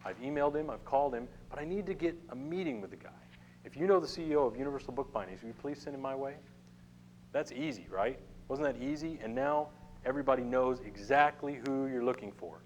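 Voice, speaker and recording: A man's voice: mid-range voice, fast, slight background noise, low-quality recording. Man teaching a networking class. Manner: conversational, addresses the room with frequent "okay?" check-ins. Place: meeting room with a small audience.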